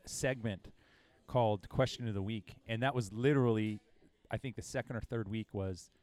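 A man's voice: fairly low pitch, normal speed, a little mellow. A man in his thirties hosting a casual comedy podcast, laid-back and teasing, laughing often as he asks his guests questions. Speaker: podcast host. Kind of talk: casual chat.

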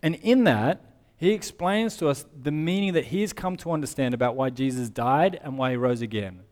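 A man's voice: medium pitch, brisk, a little mellow. A man preaching a sermon, who explains scripture in a conversational way and reads passages aloud. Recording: long hall reverb.

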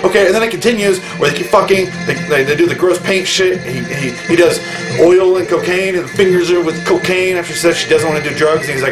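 A man's voice: high-pitched, fast talker, over music. Furious, foul-mouthed man ranting a movie review. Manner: furious, swearing constantly, blunt. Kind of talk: angry profane rant.

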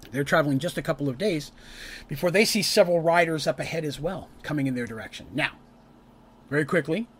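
A man telling the story of his tabletop game in a loose, chatty way, full of asides and restarts. His voice swings freely up and down, with a faint hiss of background noise. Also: fairly high pitch. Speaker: storyteller recapping a tabletop campaign. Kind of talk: casual story recap.

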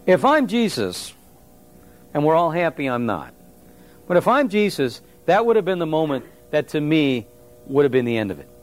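A pastor preaches a sermon in a conversational, animated style, tossing asides to the congregation. His voice sits on the high side at a moderate pace.

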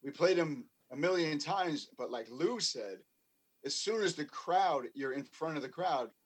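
A man from a band talks casually in an interview. His manner is wry and plain-spoken, and he jokes about studio work. His voice sits a little higher than most men's. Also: animated, measured pace, husky. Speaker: band member, guest.

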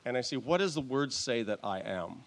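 Animated and medium-pitched, this pastor delivers his sermon in a church. His delivery is casual and halting, full of restarts and soft chuckles.

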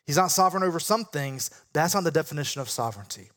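Higher-voiced man teaching the Bible. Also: animated, quick pace, fairly bright tone. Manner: engaging, questions the group, emphatic explanations.

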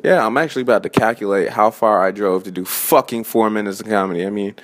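A man's voice: on the low side, fast talker. A man in his twenties, an open-mic comedian, ranting casually in a profane, rambling way and restarting his sentences often. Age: 20s. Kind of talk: casual rant.

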